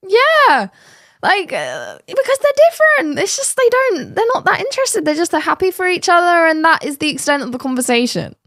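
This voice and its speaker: Reaction host, woman, opinionated and sarcastic, high animated voice, dead-dry mic. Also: brisk, dry recording. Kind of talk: casual commentary. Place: home studio set.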